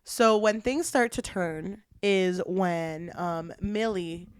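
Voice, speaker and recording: A woman's voice: fairly low pitch, takes it slowly, clear, resonant tone, no room sound, clean studio sound. A woman co-hosting a book podcast in casual chat, swearing freely and retelling scenes with quoted lines. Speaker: podcast co-host.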